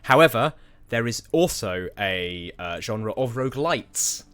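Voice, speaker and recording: A man's voice: mid-range voice, expressive, unhurried, fairly bright tone, smooth. A man streaming a video game, explaining the game in a dry, jokey casual commentary.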